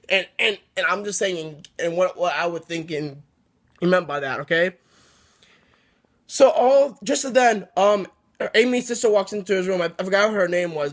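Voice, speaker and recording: A man giving a casual book review, rambling and excitable, with many restarts. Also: high-pitched.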